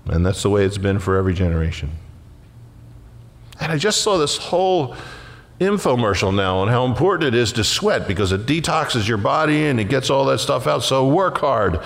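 A man preaching a sermon as a pastor, folksy and conversational, rising into loud emphatic passages. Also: medium pitch, very animated, normal speed. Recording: long hall reverb.

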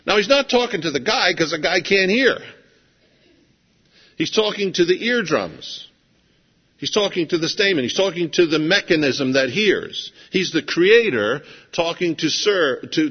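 A man's voice: on the high side, slightly rough. A man preaching a sermon in a conversational storytelling manner, acting out scenes as he goes. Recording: dull lo-fi sound with long hall reverb.

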